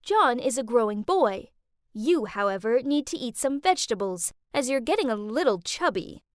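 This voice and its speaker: A furious, rule-bound mother snaps and shouts in a cartoon storybook, voiced by a woman. Her voice rises high and swings widely. The sound is dry and close. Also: very animated, normal speed, no room sound. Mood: cold scolding. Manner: scolding, shouting. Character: strict angry mother, middle-aged woman.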